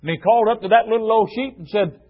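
A man's voice: high-pitched, quick pace. A man preaching a fervent, emphatic sermon to a group of men. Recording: dull lo-fi recording.

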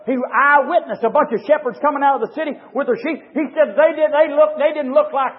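A middle-aged man preaching a fervent sermon as pastor, hollering with sudden loud rises. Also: extremely high pitch, steady tone, brisk, long reverb tail. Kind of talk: fiery sermon. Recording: tinny, phone-like lo-fi recording.

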